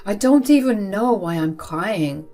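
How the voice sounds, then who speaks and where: A woman voicing a grieving young man, angry and remorseful, in a tearful, halting confession. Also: medium pitch, expressive, warm tone, faint music behind.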